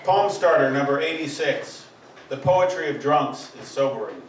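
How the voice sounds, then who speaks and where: A man's voice: a little high, lively intonation, moderate pace, heavy background noise. A man giving a live poetry reading, with a rhythmic, emphatic delivery that drives through long lists. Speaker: poet. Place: live poetry event venue. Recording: echoey room, distant mic, faint ambience.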